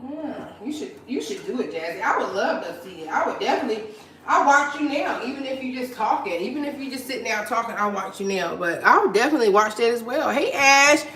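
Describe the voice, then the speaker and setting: Woman, live-stream host at home, warm chatty encouragement, repeats herself; phone audio in a reverberant room. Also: on the high side, lively intonation, a little fast. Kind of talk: casual chat reading viewer comments. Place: at home while cleaning. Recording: echoey room.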